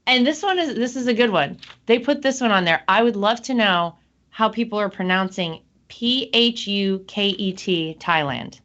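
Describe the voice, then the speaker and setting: A woman's voice: medium pitch, lively intonation, moderate pace, fairly bright tone, lo-fi sound. A woman hosting a casual chat show, talking in an upbeat, chatty way. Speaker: host.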